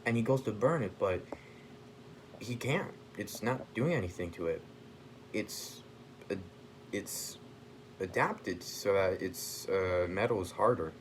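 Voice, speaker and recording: A man's voice: on the low side, lively intonation, takes it slowly, long pauses, a little hiss or hum, poor audio. A man casually improvising a fan story, rambling and stopping to search for names.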